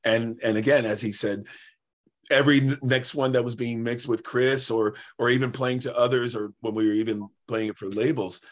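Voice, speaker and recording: A man's voice: medium pitch, fairly even intonation, moderate pace. A man, a singer and guest in an interview, talking earnestly in long runs with restarts. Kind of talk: casual interview chat.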